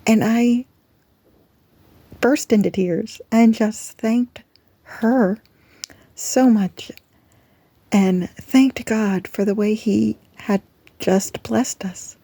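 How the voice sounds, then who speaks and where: A woman giving an earnest, gentle devotional talk that encourages her listeners. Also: on the high side, very slow, long pauses, no echo. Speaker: Christian devotional speaker.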